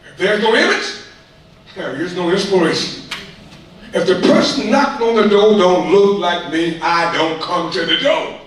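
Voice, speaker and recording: A man with a high-pitched, slightly bright voice addresses a school board as a community speaker, delivering an impassioned, preachy public comment in colloquial speech and repeating himself. He sounds far off in an echoey hall with faint noise.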